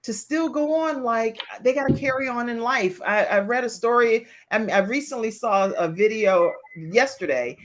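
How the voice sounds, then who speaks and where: A woman's voice: a little high, moderate pace, hardly any pauses. A woman hosting an online talk show over a video call, chatting playfully, teasing her guests and laughing often.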